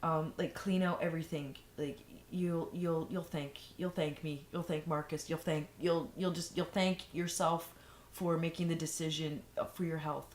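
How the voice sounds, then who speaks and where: A woman's voice: sits low, steady tone, moderate pace, few pauses. A woman vlogger giving frank, rambling advice in a casual monologue, full of fillers and restarts. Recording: echoey room, faint noise.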